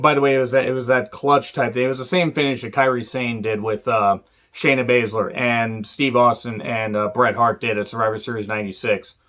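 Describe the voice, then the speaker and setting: A man reviewing a wrestling show in a casual, profane rant, sarcastic and dry, with sudden sharp outbursts. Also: medium pitch.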